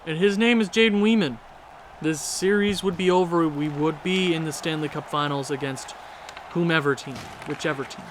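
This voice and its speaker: A young man commentating his own hockey video game, swinging from low muttering to shouting at his team. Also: normal speed, background noise. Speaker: gaming YouTuber.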